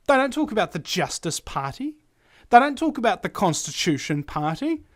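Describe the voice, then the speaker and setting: A man's voice: high-pitched, sing-song, normal speed, fairly bright tone. A man hosting a call-in radio show and ranting sarcastically, with frequent mild swearing. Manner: irreverent, sarcastic, swears freely. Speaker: radio host. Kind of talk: casual opinion rant.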